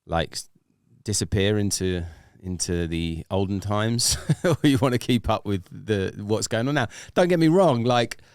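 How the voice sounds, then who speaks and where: A man with a very low, smooth voice talks loosely on a podcast. He rambles and circles back on himself, dropping "like" everywhere. The sound is close and dry. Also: darkish tone, no echo. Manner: rambling, many "like"s and restarts. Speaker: guest DJ. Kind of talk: casual podcast chat.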